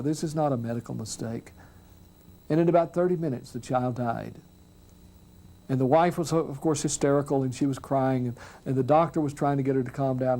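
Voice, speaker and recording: A man who works as a minister gives an earnest, reflective talk built on stories. His voice is mellow and dark, at an ordinary middle pitch, and he often lets his lines sink soft and quiet. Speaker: minister speaking on hospice and grief. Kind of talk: storytelling talk.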